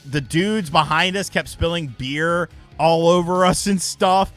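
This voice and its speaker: A man's voice: fairly high pitch, lively intonation, measured pace, hardly any pauses, a bit bright, soft background music. A young man hosting a casual live stream, telling stories loosely and swearing freely.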